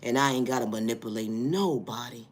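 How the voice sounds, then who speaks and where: A man giving a preachy spiritual motivational monologue, repeating stock phrases and building to loud, emphatic bursts. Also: medium pitch, brisk. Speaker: spiritual reader.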